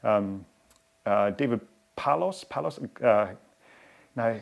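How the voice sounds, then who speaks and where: A man's voice: medium pitch, fairly quick, darkish tone. A middle-aged man hosting a live rowing workout stream, chatting casually and rambling with lots of self-deprecating asides and laughs. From United Kingdom. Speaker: rowing coach and host.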